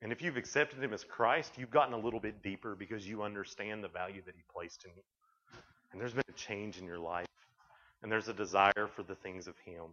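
A man with a fairly low voice preaches to young people through homespun stories. He talks in a loose, chatty way and slips into little voices for the people in his tales. The recording is dull and lo-fi. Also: fairly quick, sharp tone. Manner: folksy, chatty, acts out dialogue in quotes. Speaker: youth speaker. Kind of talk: storytelling sermon.

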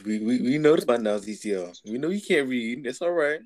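A man's voice: mid-range voice, animated, fairly quick, a little mellow. A man co-hosting a casual comedy podcast, teasing and swearing in loose banter. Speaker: podcast co-host.

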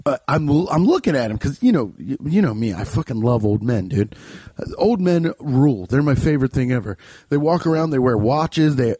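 Casting: husky young male comedian, lively pitch, rambling and profane. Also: no echo. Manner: profane, animated, loose and rambling. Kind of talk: casual comic storytelling.

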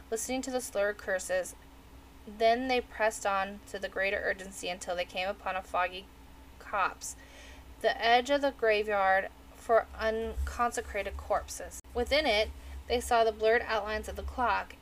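A woman narrating a novel aloud in a steady, measured reading. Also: medium pitch, slight background noise, low-quality recording. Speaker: audiobook reader. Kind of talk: storybook narration.

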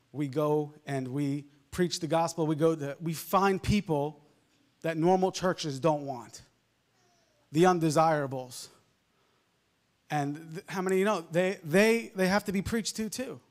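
A male preacher with a softened New York accent, delivering a fervent sermon full of amens and hallelujahs. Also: fairly high pitch. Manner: fervent, peppered with amens and laughs.

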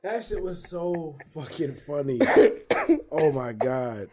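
A man with a somewhat high, very lively voice, talking loosely as a podcast co-host. He drifts into giggles and street slang while joking with his friends. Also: slow pace, a crowd in the background. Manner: laid-back, giggly slang-heavy talk. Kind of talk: casual chat.

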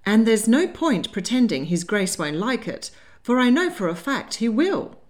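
A woman's voice: fairly high pitch, very animated, moderate pace, pitched above the performer's own voice. A woman doing an urgent, exasperated young lady. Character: agitated young Regency lady, spirited and exasperated.

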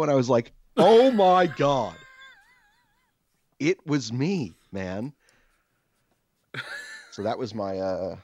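A man's voice: low-pitched, no echo, highs cut off. A man co-hosting a podcast, telling a long story in a casual way, acting out other people's lines and laughing often. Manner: animated storyteller who acts out quoted voices and laughs a lot. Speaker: podcast co-host.

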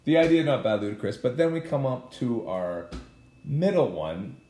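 Animated joking man in an echoey room. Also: medium pitch, normal speed. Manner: animated, teasing, jokey exclamations. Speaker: podcast co-host. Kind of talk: casual bickering chat.

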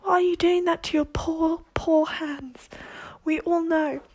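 A woman's voice: very high-pitched, fairly even intonation, unhurried, a little mellow. A young woman hosting a casual monologue, ranting in an exasperated way, swearing and dropping into whispered asides. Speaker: podcast host.

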